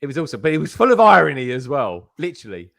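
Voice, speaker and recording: A British man co-hosting a casual livestream, excitable and jokey, often tripping over his words. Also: fairly high pitch, very fast, vocal fry, no echo, studio quality. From United Kingdom. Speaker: co-host.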